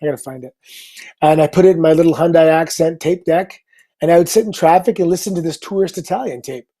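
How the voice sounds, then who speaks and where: A middle-aged man, a guest on a talk show, telling a story in an upbeat, casual way with quick asides. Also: fairly high pitch. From Canada. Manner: lively anecdote teller, upbeat, quick asides.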